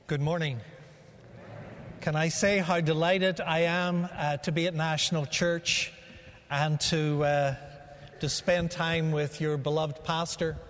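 A man's voice: fairly high pitch, fairly even intonation, slow, a bit bright. A man from Northern Ireland with a faded Northern Irish accent, preaching a sermon as a guest in church with formal, prayerful phrasing. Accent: Northern Irish, faded by years in America. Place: large church sanctuary. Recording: church hall reverb.

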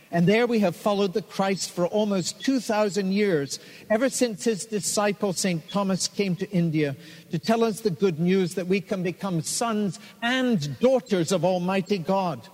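A devoted young nurse with a sincere, open manner, as a male reader puts her on. The voice stays fairly high and sounds like the reader's own, with a long reverb around it. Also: normal speed, a little mellow, close to an everyday voice.

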